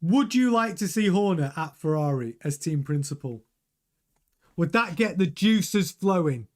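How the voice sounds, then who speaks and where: A middle-aged man hosts a live stream, reading the chat in a chatty, animated way, repeating words and often restarting his sentences. His voice sits on the high side and moves at a measured pace.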